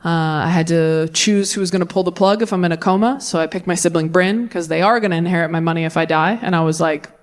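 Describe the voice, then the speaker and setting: A young adult woman performing a stand-up comedy set, telling stories and acting out bits of dialogue with animated bursts. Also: fairly low pitch, fast, hardly any pauses. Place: live comedy venue with audience.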